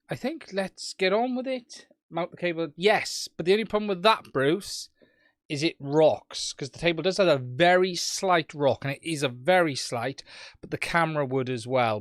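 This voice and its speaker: A man's voice: on the high side, a bit bright, dry recording, studio quality. Welsh man hosting a live stream. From Wales. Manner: chatty, greets chat viewers by name. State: standing while streaming. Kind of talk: casual live stream chat.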